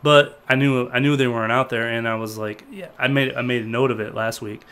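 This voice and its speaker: A man talking casually as a co-host, retelling a show in a loose, rambling way. He hesitates often, with fillers and self-corrections, at an ordinary middle pitch. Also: steady tone, brisk, fairly bright tone, clear, resonant tone. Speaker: podcast co-host. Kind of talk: casual review chat.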